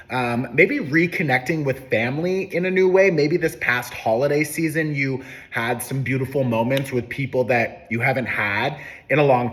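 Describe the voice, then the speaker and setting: A man giving a casual, upbeat horoscope and tarot reading, talking loosely with plenty of fillers. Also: mid-range voice. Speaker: tarot reader.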